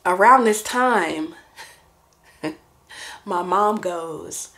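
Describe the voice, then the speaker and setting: A woman in her twenties tells a personal story to the camera in loose, slangy talk and keeps turning to the viewer. Her voice sits a little low for a woman. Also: very slow, a bit bright. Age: 20s. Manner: slangy, chatty, addresses viewer directly. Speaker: vlogger.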